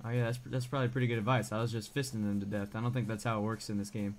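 A man giving let's play commentary as a gaming YouTuber, excitable and swearing, often yelling in surprise. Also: on the low side, rapid-fire. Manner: excitable, swearing, frequent startled outbursts.

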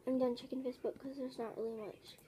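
A woman's voice: high voice, steady tone, fast talker, mellow, a little hiss or hum. A young woman filming a casual vlog at home, rambling and tired, saying "like" a lot. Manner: rambling, bored, says "like" often. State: tired, yawning. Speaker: vlogger. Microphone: phone camera.

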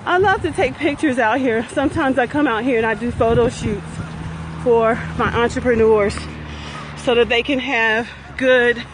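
This middle-aged woman's voice is a little high and moves at a normal speed over a noisy background. She's an investment coach and vlogger live-streaming a walk by a pond, chatty and upbeat, winded from walking and cheering herself along.

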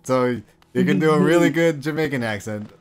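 A man's voice: medium pitch, brisk. A man streaming a game while chatting casually, rambling and swearing now and then.

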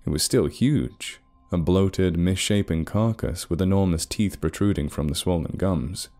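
A man narrating a dramatic story in a measured storytelling voice. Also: deep voice, warm tone, soft background music.

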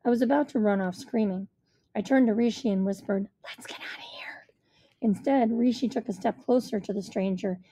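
A woman reading a first-person children's storybook aloud in a measured storytelling manner. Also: medium pitch, warm tone. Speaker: audiobook reader.

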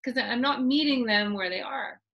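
A middle-aged woman teaching a parenting webinar, explaining with lively asides and acted-out examples. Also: a little high, moderate pace, vocal fry, muffled recording. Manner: animated, acts out parent and child voices mid-explanation. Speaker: parenting therapist giving a webinar.

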